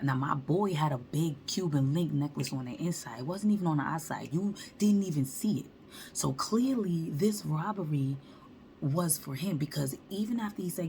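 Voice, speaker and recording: A woman vlogger telling a storytime monologue in slangy, animated talk, acting out the quotes. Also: low voice, a little fast, slight background noise.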